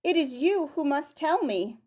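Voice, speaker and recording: A woman voicing a wild, mischievous little girl who is defiant and teasing, speaking high and playful. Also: lively intonation, measured pace.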